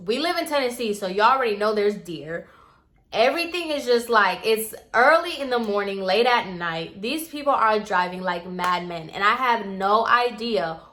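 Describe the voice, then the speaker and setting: A woman's voice: medium pitch, normal speed. A young woman telling a story in a casual, chatty way, filling it with "like" and acting it out. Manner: chatty, says "like" constantly, animated retelling. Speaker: vlogger.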